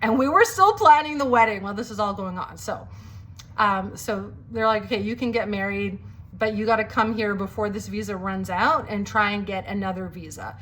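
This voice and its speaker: A chatty woman with a slight cold shares a testimony as casual personal storytelling, using many "like" fillers and acting out quoted lines. Her medium-pitched voice is fairly bright and moves at normal speed, with a little hiss or hum in the audio.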